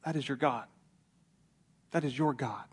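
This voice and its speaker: A male pastor preaching a sermon, telling the story with lively character voices and swings from loud to hushed. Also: medium pitch, measured pace, slightly rough.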